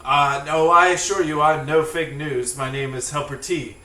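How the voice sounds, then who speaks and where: A man's voice: fairly high pitch, steady tone, normal speed, sharp tone. A man voicing a prim, well-mannered male immune cell who speaks formally and stammers his reassurances. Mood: courteous. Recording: echoey, distant mic.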